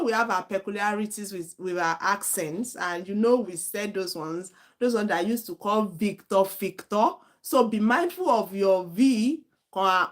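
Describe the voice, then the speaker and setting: A woman, teaching an IELTS speaking lesson live online in a direct, earnest way, repeating her points for emphasis. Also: medium pitch. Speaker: IELTS tutor.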